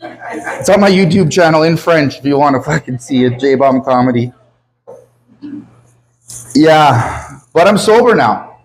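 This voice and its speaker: Male Canadian stand-up comic, a touch high-pitched, crude self-mocking patter full of swearing. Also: expressive, a little slow, long pauses, slight background noise, rough recording. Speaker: stand-up comedian. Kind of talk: stand-up comedy set. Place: comedy club stage with a live audience.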